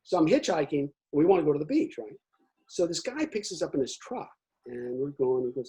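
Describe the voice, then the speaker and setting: Older guy, husky voice, kinda high, tells stories with lots of voices. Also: fairly quick. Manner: animated storyteller, acts out voices in anecdotes. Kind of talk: casual conversation.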